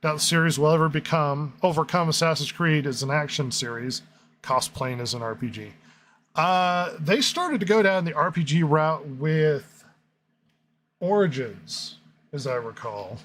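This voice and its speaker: A man's voice: a little high, animated, unhurried, fairly bright tone, a little hiss or hum. A man hosting a podcast in casual chat, sarcastic and reading out comments and reviews. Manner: sarcastic, reads listener comments and reviews aloud. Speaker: podcast host.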